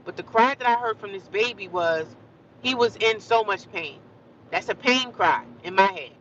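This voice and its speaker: A woman's voice: mid-range voice, expressive, moderate pace, a bit bright, slight background noise. Rambling woman vlogging on a lo-fi phone. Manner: rambling, repetitive, earnest, with frequent asides. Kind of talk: casual vlog monologue.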